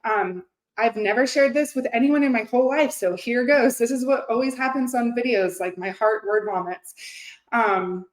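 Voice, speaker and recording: A woman in her thirties speaks straight to her viewers in an earnest, chatty way, full of little fillers and restarts. Her voice sits a bit high. The room around her gives it a noticeable echo. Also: a little slow, long pauses. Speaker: host. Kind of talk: casual motivational talk to camera. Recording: echoey room.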